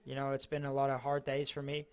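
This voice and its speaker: A man's voice: medium pitch, monotone, quick pace, clear, resonant tone. A man from Mallorca, a footballer, giving an earnest, emotional post-match interview with his voice cracking. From Mallorca, Spain.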